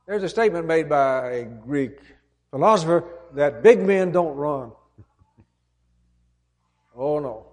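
Brief: a preacher with a fairly high voice, earnest and emphatic, retelling a parable in a sermon. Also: male voice, animated, slow pace, long pauses.

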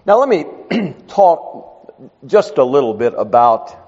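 A man preaching a sermon, telling the story in an animated, emphatic way. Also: medium pitch, slow pace, big-room sound, lo-fi sound.

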